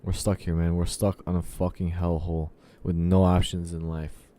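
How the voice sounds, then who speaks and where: Deep-voiced young man swearing in frustration. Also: little pitch movement, normal speed, a little hiss or hum. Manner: exasperated and profane, talks to the software. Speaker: programmer venting at his computer. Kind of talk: frustrated solo screen-recording rant.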